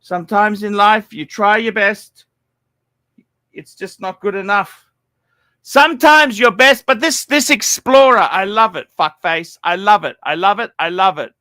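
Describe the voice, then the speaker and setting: A man hosting a watch livestream, rambling and cursing, repeating himself and swinging between loud outbursts and low mumbles. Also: expressive, unhurried, no room sound. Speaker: livestream host.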